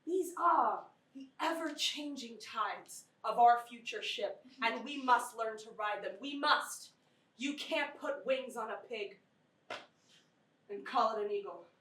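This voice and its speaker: A woman's voice: on the high side, a little slow, fairly bright tone, a little hiss or hum. A woman playing a dippy therapist who gives rambling, folksy, soothing advice in a comedy sketch. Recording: roomy, distant mic with faint ambience.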